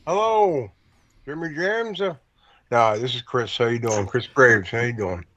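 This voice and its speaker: A man's voice: medium pitch, lively intonation, a little slow, highs cut off, a crowd in the background. A man calling in to a podcast, chummy and joking. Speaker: caller. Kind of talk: call-in chat.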